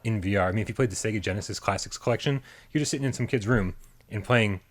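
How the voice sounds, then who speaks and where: A man co-hosting a casual video game review discussion, relaxed and getting animated when excited. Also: on the low side, quick pace. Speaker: podcast co-host.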